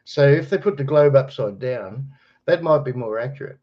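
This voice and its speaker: A man's voice: mid-range voice, normal speed. A middle-aged Australian man hosting a casual livestream, chatting and rambling with viewers, greeting them by name and chuckling often. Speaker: livestream host. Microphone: webcam microphone. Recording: slightly dull webcam audio.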